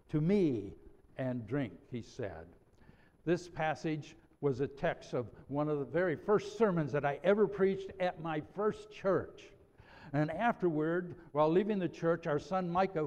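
A middle-aged male pastor preaching a sermon in a measured way, slowing down to read scripture. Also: fairly high pitch, darkish tone. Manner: measured, slows down on scripture quotes. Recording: dull audio in a reverberant hall.

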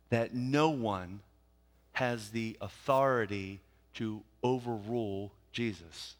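Slow, deliberate preaching man in a reverberant hall. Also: medium pitch, a bit bright. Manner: slow, deliberate, repeats key phrases for emphasis. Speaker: pastor. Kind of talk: sermon.

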